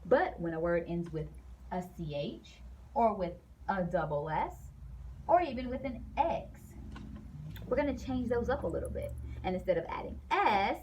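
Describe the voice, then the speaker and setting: A woman teaching grammar to a class, and her pitch swings widely as she plays with the examples in a sing-song way. A faint hiss sits under the recording. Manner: animated, sing-song, playful voices for example sentences.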